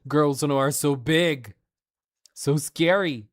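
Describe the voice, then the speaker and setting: A woman's voice: low-pitched, slow pace. A woman streamer gushing playfully over fan art in a casual showcase, laughing often.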